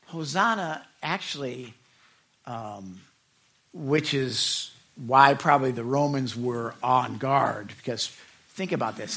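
A middle-aged man preaches in a bright, forceful voice that sits a little high for a man. He talks through scripture conversationally, then leaps into sudden loud, high bursts to drive his points home. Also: creaky. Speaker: pastor. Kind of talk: sermon.

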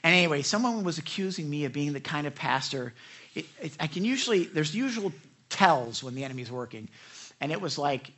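A middle-aged male pastor preaches with lively energy, slipping into little acted scenes of the people he talks about. His voice sits a touch high for a man and rings bright and forceful. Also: a little fast. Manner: animated, acts out quoted people. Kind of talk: sermon.

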